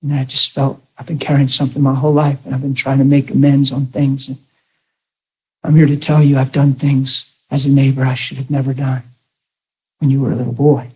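Man doing elderly male neighbor, remorseful, tearful, earnest, husky. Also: mid-range voice, monotone, fairly quick, a little mellow, rough recording.

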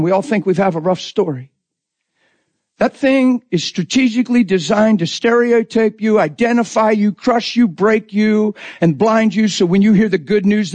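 A man's voice: high-pitched, a little mellow, no echo. A man preaching a sermon in an intense, conversational way, acting out quotes as he goes.

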